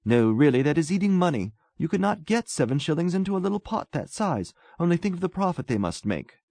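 A man's voice: fairly high pitch, big pitch swings, a little fast, vocal fry, a little mellow, dry recording, pitched above the performer's own voice. A man reading a story aloud, voicing a talkative, self-absorbed young man who muses earnestly.

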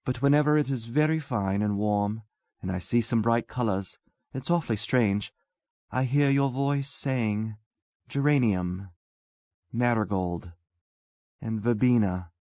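A man reading a story voices a wistful English gentleman who talks earnestly and tenderly. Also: mid-range voice, unhurried, no echo, natural voice.

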